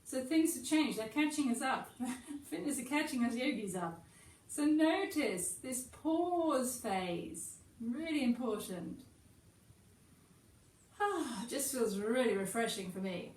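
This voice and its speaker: A woman's voice: a little high, a little slow. Woman leading yoga in an echoey room. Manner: calm, chatty and encouraging, with soft asides. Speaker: yoga teacher. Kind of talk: guided yoga class. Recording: echoey room, distant mic, faint hiss.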